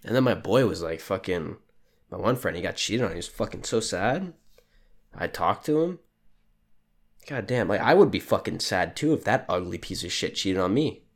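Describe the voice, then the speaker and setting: Young male podcast host, low-pitched, sleep deprived, crude sardonic ranting. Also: animated, normal speed. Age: young adult. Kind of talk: profane solo rant.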